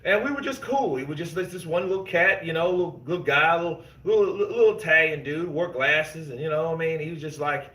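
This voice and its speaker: A man hosting casual boxing commentary, reading viewer comments and telling stories in an animated, emphatic way, swearing freely. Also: fairly high pitch, fast, hardly any pauses. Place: gym. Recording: echoey gym room.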